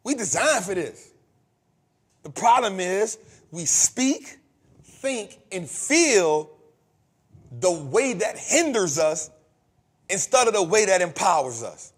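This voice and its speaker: A man's voice: sits high, very animated, takes it slowly, long pauses, breathy edge. A man hosting a podcast, giving a preachy, emphatic motivational finance talk full of repetition and casual street slang. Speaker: podcast host.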